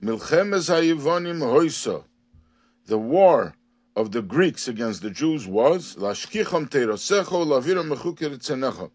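Animated man teaching a Torah text. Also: a little high, measured pace. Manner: reads a Hebrew or Yiddish phrase, then translates and explains; animated, rising and emphatic on key words. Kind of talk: lesson on a daily Hasidic text.

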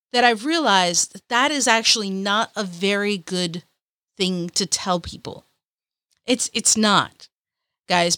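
A woman hosts a motivational podcast in an upbeat, encouraging, chatty manner. Her voice is bright, forceful and slightly high. The sound is dry and close. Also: dry recording. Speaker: podcast host.

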